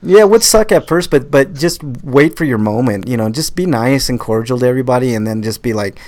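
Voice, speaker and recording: A man hosting a live podcast in loose, casual chat. He gets animated and swears freely, often stumbling over the first words of a sentence before he finds his point. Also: mid-range voice, brisk. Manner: animated, swearing, repeats words when starting. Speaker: podcast host.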